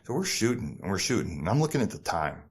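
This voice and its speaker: A podcast guest who used to model, this middle-aged man speaks in a low voice with a New Jersey accent during a casual storytelling interview. He swears freely and keeps things lively by acting out other people's lines.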